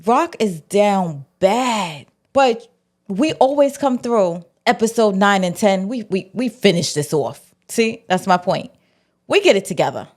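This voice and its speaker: Brief: woman recap host, mid-pitched voice, slangy and animated, acts out characters' lines. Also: unhurried. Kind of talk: casual TV episode breakdown.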